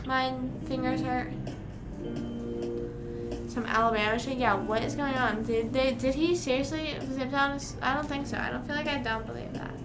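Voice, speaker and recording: High-voiced woman chatting on a livestream. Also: steady tone, normal speed. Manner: chatty, reads rhymes aloud to chat, sings snippets. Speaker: livestream host. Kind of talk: casual livestream chat. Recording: music playing behind her voice.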